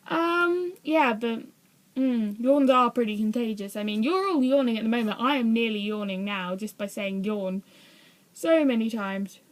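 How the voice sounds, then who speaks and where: A woman's voice: fairly high pitch, unhurried. A young woman vlogging in a casual, rambling way, often hesitant and poking fun at herself. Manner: rambling, hesitant, self-deprecating. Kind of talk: casual chat to camera.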